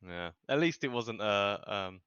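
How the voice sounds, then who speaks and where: A man's voice: lowish voice, lively intonation, measured pace, a bit bright, smooth, no room sound, muffled recording. A man co-hosting a casual podcast, telling stories hesitantly with many restarts. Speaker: podcast co-host.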